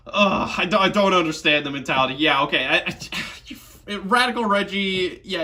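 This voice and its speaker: Host, male, sarcastic reaction commentary; bright, slightly high voice, mocking and exasperated, swears a lot. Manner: laughs while talking.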